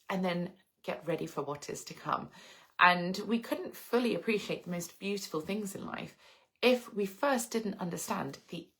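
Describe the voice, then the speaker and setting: An English woman in her late thirties chats reflectively on a live stream from her home in the English countryside, answering viewers' comments as a vlogger reading the live chat. Her voice is lowish and a bit bright.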